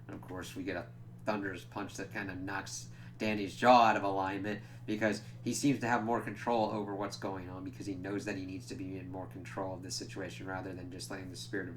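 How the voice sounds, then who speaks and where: Male comic reviewer, casual and animated, slightly low voice, light background hum. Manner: animated retelling, acts out characters' lines, frequent "like".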